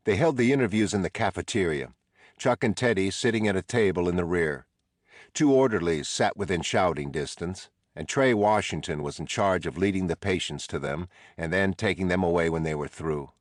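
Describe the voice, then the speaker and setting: A man reading a novel aloud in a measured, low-key narration. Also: dry recording, clean studio sound. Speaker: audiobook narrator. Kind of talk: scripted narration.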